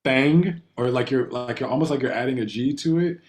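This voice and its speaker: A man's voice: mid-range voice, fairly quick. A man teaching a language class, patiently correcting and encouraging students. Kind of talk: online class instruction.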